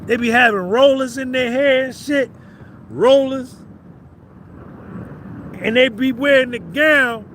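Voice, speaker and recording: A man with a New Jersey accent and an unusually high voice rambles through a casual livestream, cursing freely and calling out to viewers in the chat. Faint traffic hums behind him. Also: takes it slowly, long pauses, fairly bright tone. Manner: profane, rambling, banters with chat. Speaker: livestream host.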